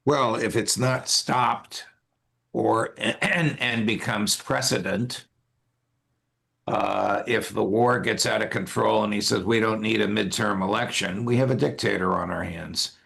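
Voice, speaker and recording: An older man speaking as a legal commentator guest in an interview, measured with frequent pauses. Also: fairly low pitch, gravelly, fairly bright tone. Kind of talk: interview conversation.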